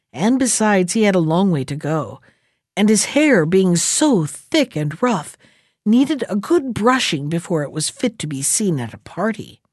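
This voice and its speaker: A librarian reading a folktale aloud in a lively, expressive storytelling style. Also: female voice, medium pitch, no room sound, clean studio sound. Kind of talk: storybook read-aloud narration.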